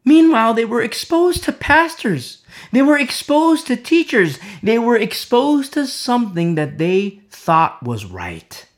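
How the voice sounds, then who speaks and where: A preacher telling stories in an impassioned sermon, swinging between loud outbursts and hushed near-whispers and repeating phrases for emphasis. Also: mid-range voice, sing-song, a little slow.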